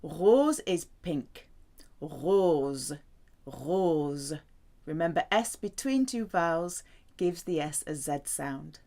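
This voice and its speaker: A woman from the UK teaching a French lesson, saying each word slowly and repeating it with careful emphasis. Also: lowish voice, expressive, a little mellow. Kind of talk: slow, deliberate language lesson.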